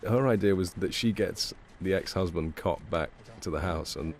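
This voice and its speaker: A man's voice: deep voice, normal speed. A male actor chatting casually while watching his show, telling stories with lots of laughter and imitations of others. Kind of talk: casual commentary chat.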